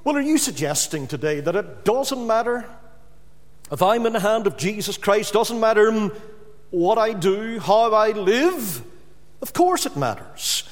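A man preaching a sermon, stressing key words slowly and then dropping his voice to a hush. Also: high voice, very animated, in a large hall. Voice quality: emphatic, with drawn-out stressed words and sudden drops to a hush.

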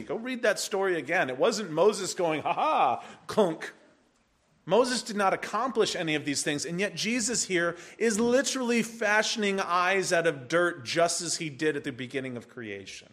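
A man preaching an expository sermon, animated, acting out the voices of the people in the text. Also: sits high, measured pace. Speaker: pastor.

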